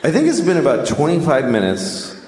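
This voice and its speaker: A man doing stand-up comedy, telling an excitable, rambling story. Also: on the high side, normal speed. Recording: echoey hall, audible noise.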